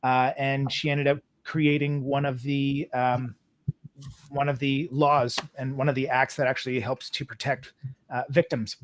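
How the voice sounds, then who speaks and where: A man's voice: medium pitch, little pitch movement, measured pace. A man from Canada, a guest actor, telling a story on a video call, rambling with lots of fillers and breaking into laughter. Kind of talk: casual storytelling on a video chat.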